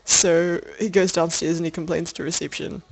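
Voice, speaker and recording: A woman's voice: lowish voice, level tone, normal speed, creaky, breathy edge. A young woman telling a personal story for a video diary, rambling with lots of fillers, laughter and casual swearing. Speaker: video diarist.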